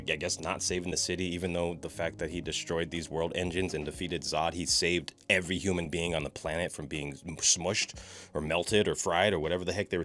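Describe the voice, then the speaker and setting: A man giving a casual, exasperated film review rant, swearing and acting out scenes. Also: sits low. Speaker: movie reviewer.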